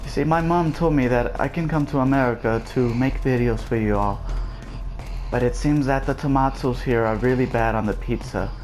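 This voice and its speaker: A man doing a young Englishman, just arrived in America, chatting in a put-on British accent. He sounds playful and mock-formal and sits at an ordinary middle pitch. Faint music plays under him. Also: normal speed, darkish tone, close to an everyday voice, rough recording.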